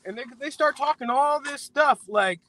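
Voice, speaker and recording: High-voiced man ranting on a live stream. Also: moderate pace, bright, forceful tone, rough recording. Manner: indignant, repetitive, stumbling restarts. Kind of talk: heated political rant on a live stream.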